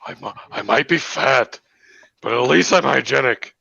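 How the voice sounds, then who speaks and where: A man's voice: mid-range voice, animated, moderate pace, creaky, pushed and bright, breathy edge, lo-fi sound. A man hosting a casual podcast chat, joking and swearing freely as he drinks. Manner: joking, profane, rambling, slightly tipsy. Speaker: podcast host.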